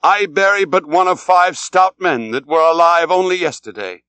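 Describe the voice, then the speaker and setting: A man voicing a hollow-cheeked ship captain who is grieving, mournful and strained, pitched higher than his own voice. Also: moderate pace, sharp tone, smooth, no echo.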